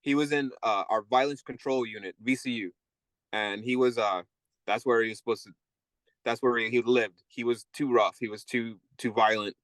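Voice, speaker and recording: In an interview built around stories, a former correction officer speaks candidly about his time on the job, doing the voices of inmates as he goes. He has a steady, fairly bright mid-range voice and a moderate, storyteller's pace, captured in a close, dry recording without echo.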